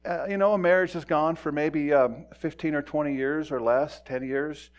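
A middle-aged man preaching a sermon in a conversational way, acting out quoted voices and moving from quiet talk to loud emphasis. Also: on the high side, steady tone, normal speed. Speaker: pastor.

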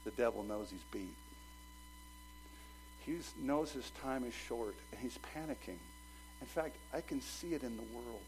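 A male pastor preaching a sermon, swinging from loud urging to low, quick asides. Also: a little hiss or hum, low-quality recording.

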